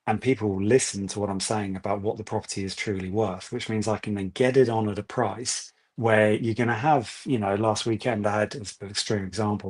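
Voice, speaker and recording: Guest estate agent, chatty storyteller; low voice that stays fairly flat. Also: male voice, husky. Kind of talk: webinar interview answers.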